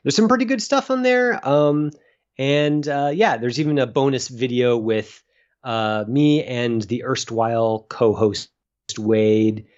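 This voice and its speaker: A man's voice: medium pitch, slow, muffled recording. A man hosting a film podcast, chatting casually with many restarts and asides. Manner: relaxed, rambling with restarts. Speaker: podcast host.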